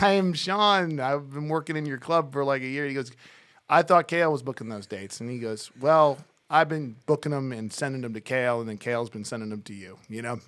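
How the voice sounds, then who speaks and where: A man's voice: medium pitch, fairly bright tone. Man telling rambling stories as a guest. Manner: rambling anecdotes with frequent restarts and laughs. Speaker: podcast guest, music talent buyer. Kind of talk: casual interview storytelling.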